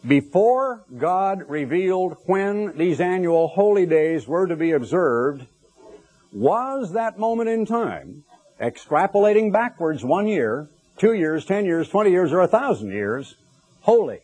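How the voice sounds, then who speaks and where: A man's voice: high-pitched, very animated, measured pace, darkish tone. A middle-aged man preaching a sermon, telling stories with conversational asides to the congregation.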